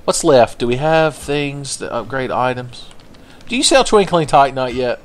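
A man's voice: medium pitch, lively intonation, normal speed. A man hosting a let's play, giving crude, playful gameplay commentary full of swearing and jokes. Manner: crude joking, profane, playful.

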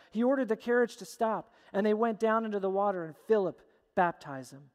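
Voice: mid-range voice, normal speed. Emphatic pastor preaching in a reverberant church. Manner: emphatic preaching with repeated phrases. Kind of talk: sermon. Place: church sanctuary. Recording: long church hall reverb.

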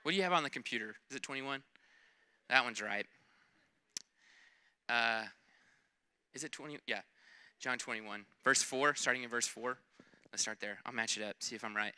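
A man's voice: medium pitch, normal speed, long pauses, bright, forceful tone, clear, resonant tone. A man, preaching a sermon as pastor in a playful, conversational way. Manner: playful, conversational, acts out quoted voices.

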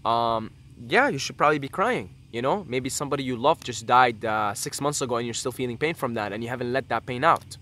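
A man's voice: mid-range voice, animated, brisk, few pauses, pushed and bright. A young man talking to his camera in a casual vlog, earnest and rambling, swearing freely and drifting off on tangents. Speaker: YouTuber.

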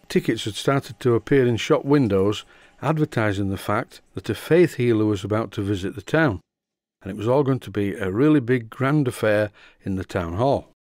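A middle-aged man from the north of England, calmly and methodically narrating a model engine rebuild. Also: lowish voice, dry recording. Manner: calm, methodical explaining. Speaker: model engineering channel host. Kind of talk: workshop voice-over narration.

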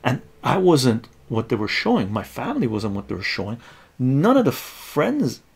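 A man, telling a story on a live stream in a casual, profane, animated way, often tagging his lines with "right?". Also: medium pitch, normal speed, gravelly, slightly rough. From Iran.

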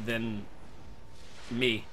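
A man giving excitable gameplay commentary who swears a lot and breaks into sudden shouts. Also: mid-range voice, extremely slow, slight background noise. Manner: talks to himself and his teammates. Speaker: gaming video creator.

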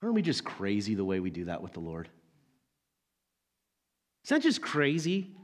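A man's voice: fairly low pitch, wildly swooping pitch, normal speed. A man preaching a sermon as pastor, telling the story animatedly and acting out the characters.

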